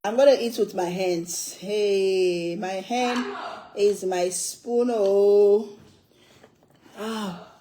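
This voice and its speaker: Middle-aged woman host, cooking stream from the home kitchen, chatty and teasing, quick laughs. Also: mid-range voice, mellow, slight background noise. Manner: chatty, playful, laughs often. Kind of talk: casual livestream cooking chat.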